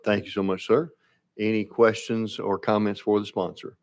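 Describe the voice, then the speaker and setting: Low-voiced chairman running a hearing. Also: level tone, a little mellow. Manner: procedural, polite, brisk. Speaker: committee chairman. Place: legislative hearing room.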